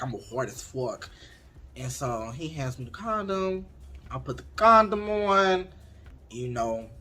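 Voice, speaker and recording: A man of twenty casually telling a candid storytime to his viewers, talking straight to them in an expressive way. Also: mid-range voice, slight background noise. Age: 20s. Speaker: vlogger.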